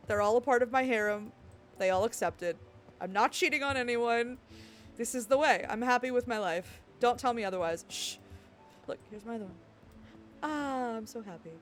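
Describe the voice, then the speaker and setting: A woman streaming a game live, chatting casually with her viewers in a playful, excitable way. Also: a little high, normal speed, soft background music. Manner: playful, excitable, jokes with chat. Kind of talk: casual live-stream chat while gaming.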